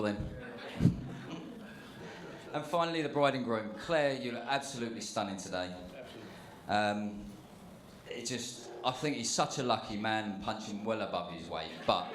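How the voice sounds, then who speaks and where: The best man's speech at a wedding, given by a man with an ordinary mid-pitched voice. He jokes and chats his way through, full of fillers and quick asides. The room around him is echoey and reverberant. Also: fairly bright tone. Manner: jokey, chatty, with many fillers and asides. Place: wedding reception venue, indoors. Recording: echoey reception hall.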